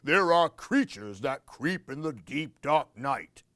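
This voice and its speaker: A man's voice: on the high side, animated, slow pace, a bit bright, no echo, clean studio sound, full character voice. A man voicing a gooey male swamp monster in a storybook, with a singsong warning tone.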